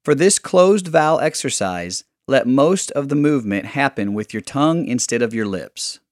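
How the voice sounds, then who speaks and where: A man calmly narrating vocal exercises as a coach, giving clear step-by-step directions. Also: mid-range voice, moderate pace, no echo, studio quality. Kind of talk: instructional narration.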